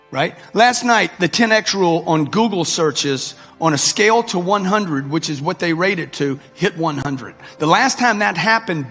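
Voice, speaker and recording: Speaking to a live audience in a large hall, a motivational speaker in his 60s uses a high-pitched, fairly bright voice. He's brash and preachy, calling out to the crowd and using slang, and the hall echoes with music underneath.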